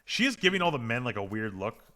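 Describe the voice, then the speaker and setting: Brief: male podcast co-host, bright forceful voice, rambling and filler-heavy, quick to get fired up. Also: mid-range voice. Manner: rambling, filler-heavy, gets heated and animated. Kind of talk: casual chat recapping a TV episode.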